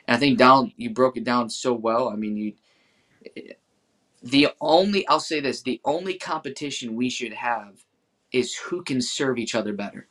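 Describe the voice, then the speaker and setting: A man's voice: medium pitch, moderate pace. Affirming man on a faith podcast. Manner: affirming, warm-hearted, quotes scripture. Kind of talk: casual faith podcast talk.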